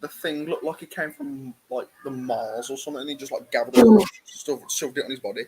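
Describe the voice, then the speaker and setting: A man's voice: medium pitch, big pitch swings, brisk, gravelly, a loud crowd. A man in a casual movie chat, grumbling and making sarcastic asides. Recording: noisy recording with clicks.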